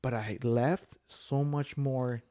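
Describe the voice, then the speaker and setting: A man's voice: medium pitch, fairly even intonation, slow, dark tone. A man, telling a personal story in casual chat, full of fillers and restarts. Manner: rambling storyteller with many fillers. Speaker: podcast guest sharing his story.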